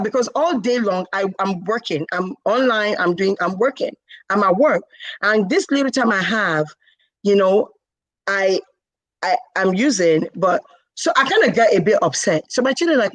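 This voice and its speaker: A middle-aged woman, a wife and mother, telling animated stories and acting out dialogue. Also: medium pitch, normal speed, no room sound. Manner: acts out dialogue, quoting herself and her husband. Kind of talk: animated personal storytelling.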